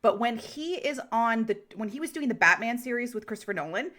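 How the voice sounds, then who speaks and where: Excitable fast-talking woman podcast host. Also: a little high. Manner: excitable, swears freely, fast bursts. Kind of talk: casual chat.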